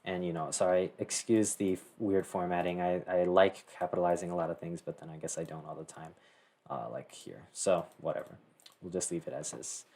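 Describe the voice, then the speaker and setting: A man's voice: low-pitched, steady tone, brisk, warm tone. A teenage boy casually talking through a screen-share tutorial, rambling with many fillers and self-corrections. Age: teens. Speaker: tutorial host.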